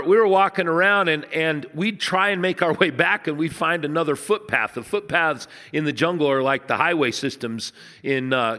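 A man preaching a sermon, telling stories in a conversational way and dropping low and soft to stress points. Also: big-room sound. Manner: storytelling, conversational, dips low and soft for emphasis. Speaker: pastor.

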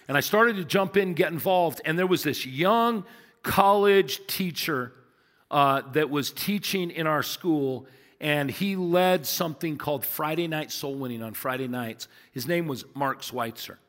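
A man in his fifties preaches a sermon from the pulpit of a large church. His voice sits a little high for a man and carries emphatic, repeated phrases and rhetorical questions. A long reverb hangs after his words. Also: a bit bright. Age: 50s. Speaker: pastor.

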